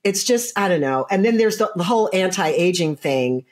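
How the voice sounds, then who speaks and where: Woman host in her sixties, thoughtful and halting, lowish voice. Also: expressive. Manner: thoughtful, hesitant with many fillers. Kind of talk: conversational interview.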